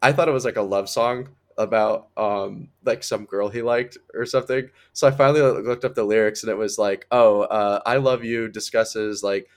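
Excitable man rambling with lots of "like". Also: fairly low pitch, normal speed, hardly any pauses. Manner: rambling, heavy use of "like", excitable. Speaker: podcast co-host. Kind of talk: casual chat.

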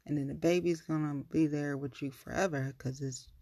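A young woman with a low, gravelly voice gives blunt, profane advice to her listeners. She tells stories in an animated way and acts out both sides of each conversation. The sound is dry and close. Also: normal speed, no room sound. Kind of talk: casual talk to listeners.

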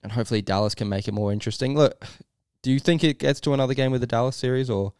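A man's voice: medium pitch, racing, a little mellow, clean tone, no room sound, clean studio sound. A man co-hosting a casual sports podcast, chatty and teasing, hedging his opinions. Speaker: podcast co-host.

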